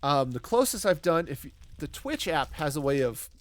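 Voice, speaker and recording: A man's voice: fairly high pitch, sing-song, moderate pace. A man streaming a building game, rambling and joking as he talks to himself and greets his chat. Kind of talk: casual live gameplay commentary.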